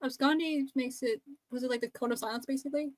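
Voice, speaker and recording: A woman's voice: high voice, fairly even intonation, fast talker. A woman playing a tabletop game, giggly and laughing between her words. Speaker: player. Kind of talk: casual play at a tabletop game.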